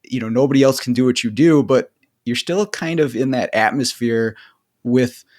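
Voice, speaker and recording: Man, mechanic guest, mid-pitched, easygoing, rambling. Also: moderate pace. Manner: relaxed anecdotal, trails off. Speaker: automotive technician. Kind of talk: casual chat.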